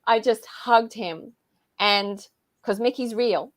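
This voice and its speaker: A woman in her fifties with a higher, slow voice appears as a podcast guest over a video call, emotionally recounting a personal story with frequent laughter. The sound is dry, with no echo.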